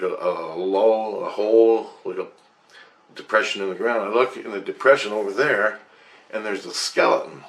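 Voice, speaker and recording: Low-voiced man telling a rambling story. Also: vocal fry. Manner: rambling, profane, excitable. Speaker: vlogger. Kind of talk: personal storytelling to camera.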